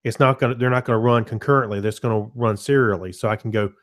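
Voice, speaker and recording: A man talks through a software demo in a relaxed, conversational way, often restarting his sentences. He keeps clearing his throat as he goes. His voice sits at an ordinary middle pitch for a man, heard through a computer mic on a web call. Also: fast talker. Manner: relaxed, loose, self-correcting explanations. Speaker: presenter. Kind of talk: casual software demo webinar.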